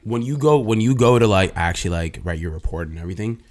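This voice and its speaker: A man's voice: fairly low pitch, quick pace. A young man, a kinesiology intern, telling stories in casual podcast chat, filled with "like". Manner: animated storyteller, lots of "like" fillers. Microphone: studio mic.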